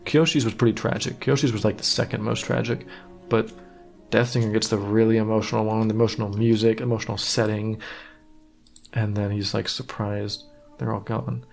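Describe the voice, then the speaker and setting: Low flat-voiced man giving director's commentary. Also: brisk, vocal fry, faint music behind. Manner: earnest, meandering, casual. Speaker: director of an animated series.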